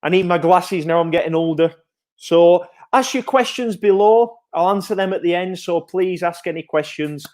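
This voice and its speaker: Energetic high-voiced man. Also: moderate pace. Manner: energetic, repetitive, upbeat sales-pitch reassurance. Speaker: childcare provider running a live update. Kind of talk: live-streamed parent update.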